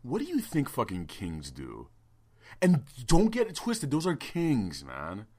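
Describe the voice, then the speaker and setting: A young man co-hosting a podcast in brash, profane, excitable casual chat. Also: medium pitch, unhurried, breathy edge. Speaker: podcast co-host.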